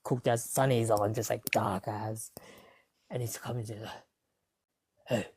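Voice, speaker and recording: A woman's voice: extremely low pitch, fairly even intonation, normal speed, darkish tone, a little hiss or hum. A young Australian woman telling a story casually as a podcast guest, rambling and swearing freely, with lots of fillers.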